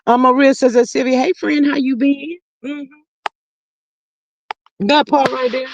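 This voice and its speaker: A woman's voice: high-pitched, steady tone, takes it slowly, creaky, dry recording, highs cut off. Chatty woman livestream host. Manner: chatty, calls listeners "child" and "y'all". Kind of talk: casual chat reading viewer comments.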